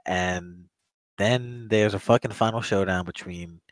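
A man's voice: fairly low pitch, measured pace, dry recording, rough recording. A man reviewing an old monster movie in casual chat, rambling, swearing often and laughing at the story as he retells it. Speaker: podcast co-host.

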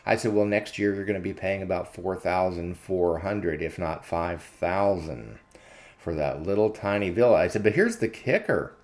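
A man's voice: deep voice, normal speed, darkish tone. A man hosting his own channel, telling a story in a chatty, unscripted monologue full of fillers and "I said" retellings. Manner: chatty, frequent filler words, retells dialogue with "I said". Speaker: commentary channel host.

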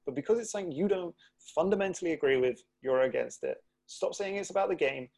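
A man's voice: on the high side, sing-song, fast, gravelly, darkish tone. A man co-hosting a podcast in casual chat, talking in an indignant, emphatic way. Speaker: podcast co-host.

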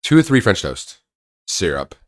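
A young man in casual podcast chat, excitable and crude, joking with friends. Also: sits low, normal speed. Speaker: podcast co-host.

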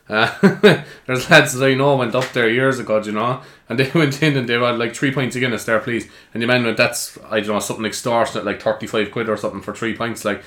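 A man's voice: medium pitch, reverberant. Sweary young man with a Cork Irish accent. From Ireland. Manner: swears freely, animated storytelling. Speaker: podcast host. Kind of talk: casual chat.

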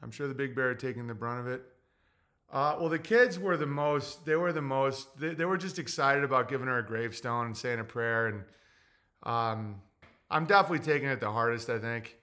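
A man in his forties talks on his livestream with a bright, forward tone, tearful and halting. His speech stumbles through fillers and restarts, and he swears bluntly as he reads chat. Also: medium pitch. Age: 40s. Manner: profane and blunt. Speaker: livestream host. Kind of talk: casual livestream talk reading chat.

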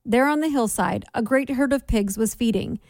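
A woman reads scripture aloud in a measured, steady way, her voice sitting a little high. The sound is close and dry, with no room around it. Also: no room sound. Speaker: scripture reader. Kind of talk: measured Bible reading.

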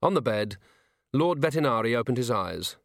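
A man narrating an audiobook with measured, wry storytelling. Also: medium pitch, animated, gravelly, no room sound, studio quality. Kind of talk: scripted narration.

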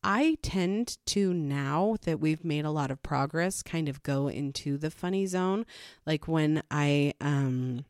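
A woman's voice: deep voice, takes it slowly, clean tone, no room sound, clean studio sound. A woman, a mother, giving frank, matter-of-fact parenting advice in a casual talk. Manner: frank, matter-of-fact, with animated quoted asides. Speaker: parenting vlogger.

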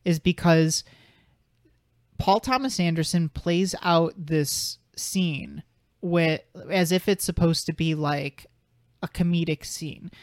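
A man's voice: on the high side, takes it slowly, dry recording, clean studio sound. A young man co-hosting a podcast, talking through a film in a casual, thoughtful way and arguing his point at length. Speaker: podcast co-host.

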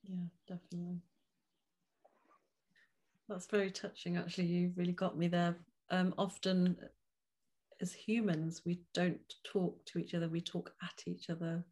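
A woman hosting an interview, speaking in a thoughtful, measured way. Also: on the low side, little pitch movement, a little mellow, breathy edge. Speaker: host. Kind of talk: reflective interview talk.

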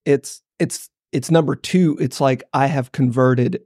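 Animated Florida-born man, dry sound. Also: mid-range voice, measured pace, slightly rough, dry recording. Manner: animated, playfully exaggerating. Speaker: podcast co-host. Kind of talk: casual chat.

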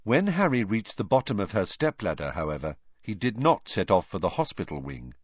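A low-voiced man reading a storybook aloud, with a lively, swinging delivery. He tells it with dramatic expression. The recording is dull and dry. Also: a little fast, no room sound. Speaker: audiobook narrator. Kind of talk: scripted narration.

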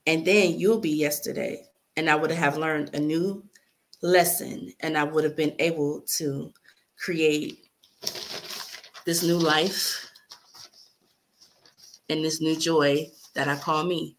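A woman's voice: sits low, steady tone, takes it slowly, long pauses, slight background noise. A young adult woman reading aloud a heartfelt letter she wrote, speaking earnestly and with emotion. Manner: earnest, heartfelt, near tears at times. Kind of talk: emotional spoken-word reading.

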